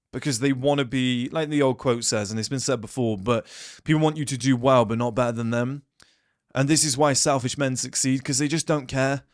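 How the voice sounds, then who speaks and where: A man's voice: medium pitch, dry recording, clean studio sound. Blunt man rambling to camera. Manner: blunt, rambling, swears freely. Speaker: self-improvement vlogger. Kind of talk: casual monologue to camera.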